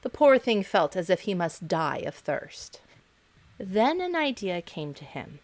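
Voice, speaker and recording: Expressive woman reading children's fables. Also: on the low side, unhurried. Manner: expressive, gentle, varied intonation. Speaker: podcast host reading to children. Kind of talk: storytelling narration for kids.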